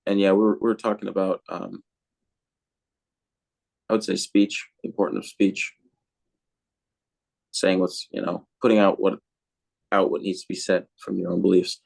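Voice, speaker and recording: Deep-voiced man rambling on a podcast. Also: little pitch movement, a little slow, creaky, pauses often, a little mellow. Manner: rambling, with many fillers and restarts. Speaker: podcast co-host being interviewed. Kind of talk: casual podcast chat.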